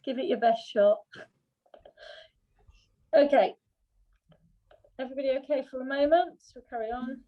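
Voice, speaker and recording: A woman directing a script read-through in a brisk, encouraging way. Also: high voice. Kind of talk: rehearsal direction. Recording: tinny phone-like line.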